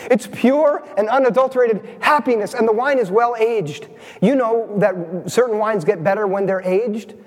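A man's voice: sits high, normal speed, big-room sound. A man preaching a sermon as pastor, engaging his congregation with frequent questions.

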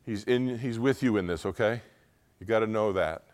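A middle-aged male pastor preaching a sermon, earnest, moving between quiet confiding talk and loud, emotional pleading. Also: lowish voice, moderate pace.

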